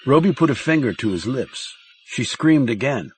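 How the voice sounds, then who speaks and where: A man reading a thriller audiobook in a measured, dramatic narration style. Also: mid-range voice, expressive, slightly rough, dry recording.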